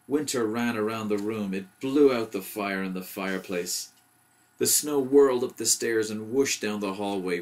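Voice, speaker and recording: A man with a deep, low voice reading a bedtime story aloud. His delivery is gentle and even, a steady storyteller pace for a children's book. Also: moderate pace.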